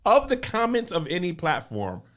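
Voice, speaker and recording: A man's voice: high voice, wildly swooping pitch, normal speed, a bit bright. A man hosting a casual podcast chat, joking and playful. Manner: joking, playful, drops into mock accents. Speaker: podcast host.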